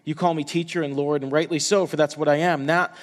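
A man's voice: a little high, steady tone, quick pace, long reverb tail. A man preaching a sermon in an earnest way, restarting and repeating words as he builds emphasis. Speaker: pastor.

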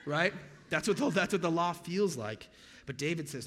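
American male pastor, slightly raised pitch, chatty sermon delivery with jokey asides, echo of a big hall. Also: animated, normal speed, fairly bright tone. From United States. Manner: conversational, with jokey pop-culture asides.

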